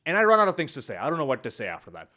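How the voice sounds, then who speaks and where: A man's voice: mid-range voice, wildly swooping pitch, rapid-fire, bright, forceful tone. A man teaching speaking skills on video, walking through examples on the spot, recorded on a large studio microphone at his home setup. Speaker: speaking coach. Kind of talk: instructional YouTube talk.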